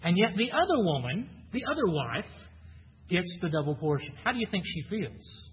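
A man's voice: high voice, sing-song, moderate pace, breathy edge. A man preaching a sermon, teaching through a Bible passage in a conversational way, often asking his listeners questions and repeating himself. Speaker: pastor. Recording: dull lo-fi recording with long hall reverb.

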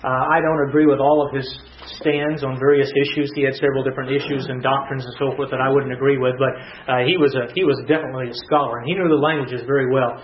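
A man's voice: mid-range voice, steady tone, quick pace, few pauses, slight background noise. A man preaching an expository sermon to a congregation, teaching verse by verse with repeated phrases and fillers. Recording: roomy, dull recording.

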